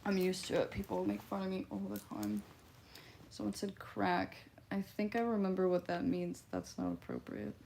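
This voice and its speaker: Blunt Midwestern woman with vocal fry. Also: on the low side, big pitch swings, moderate pace, noisy background. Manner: blunt, offhand and profane, laughs often. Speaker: livestreamer. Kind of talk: casual livestream chat, reading viewer comments.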